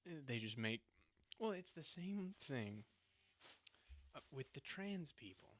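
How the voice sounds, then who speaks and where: Bright-voiced young man, mocking. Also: a little high, big pitch swings, slow, slight background noise. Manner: mocking, laughs often, breaks into put-on voices. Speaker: podcast co-host. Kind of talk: casual chat.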